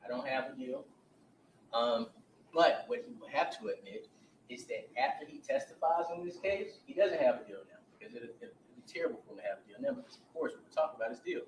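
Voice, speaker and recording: A man's voice: mid-range voice, very animated, fast, a little hiss or hum. A man, a defense attorney, giving an opening statement to a jury and retelling events with repeated, restarted words. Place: courtroom. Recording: roomy courtroom audio from a distance.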